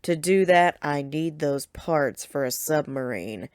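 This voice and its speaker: A woman's voice: sits low, expressive, unhurried, darkish tone, no echo. A woman voicing a burly male pirate gang leader who talks down to others in a threatening way, recorded dry. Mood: menacing. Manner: threatening and condescending.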